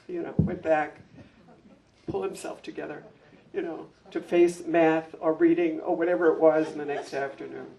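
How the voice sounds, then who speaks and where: A man's voice: a little high, moderate pace, vocal fry. An older man, a former school administrator, reminiscing with heartfelt stories at a public event. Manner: heartfelt storytelling, animated when telling anecdotes. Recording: distant mic with faint room noise.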